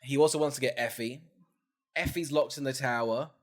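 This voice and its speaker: A British man co-hosting a podcast, retelling a film's plot in casual chat, laughing often and dropping in quick mock quotes. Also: mid-range voice. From Britain. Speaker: podcast co-host.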